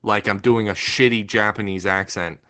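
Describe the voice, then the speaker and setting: Canadian guy, low voice, casual rambling podcast co-host talking from home over a call mic. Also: fairly even intonation, normal speed, sharp tone. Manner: rambling, hesitant, lots of fillers. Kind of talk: casual chat. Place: home room.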